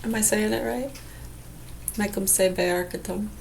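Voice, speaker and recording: Slow-talking woman, laughing, crude. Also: mid-range voice, fairly even intonation, creaky, a little hiss or hum. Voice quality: slight whistle through gaps in her teeth. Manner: laughs often, crude and profane. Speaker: vlogger. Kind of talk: rambling casual monologue.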